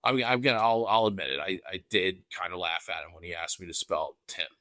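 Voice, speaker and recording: A man co-hosting a podcast in casual chat, excitable and rambling, with lots of restarts and "dude.". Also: sits low, brisk, no echo, studio quality. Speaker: podcast co-host.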